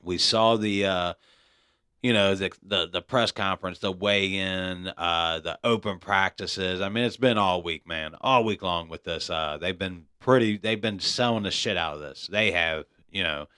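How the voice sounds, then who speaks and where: A man's voice: low-pitched, a little slow, sharp tone, clean tone, no room sound, clean studio sound. A man hosting a casual podcast, talking bluntly, cursing freely and tossing in "man" all the time. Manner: blunt, profane, keeps saying "man". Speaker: podcast host.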